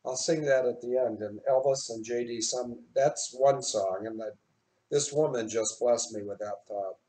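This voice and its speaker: A man's voice: fairly low pitch, dark tone. A man hosting an online show from his office, talking in a rambling, heartfelt way and spelling out names as he goes. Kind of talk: rambling live-stream chat.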